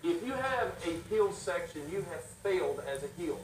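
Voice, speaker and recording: A middle-aged man, a guest in an interview, telling stories in an animated, quick way with restarts. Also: sits high, slight background noise. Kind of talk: storytelling in a casual interview. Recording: roomy sound from a distant mic.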